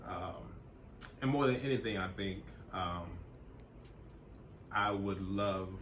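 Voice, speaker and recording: A man giving a heartfelt speech, halting and earnest with stammered restarts. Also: low-pitched, fairly bright tone, echoey room, a little hiss or hum. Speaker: vlogger.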